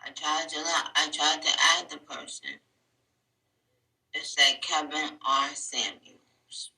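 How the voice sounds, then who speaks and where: A woman's voice: low-pitched, steady tone, takes it slowly, bright, forceful tone, far from the mic. A woman hosting a casual live stream, talking candidly and rambling a little as she addresses her viewers. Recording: roomy echo, away from mic.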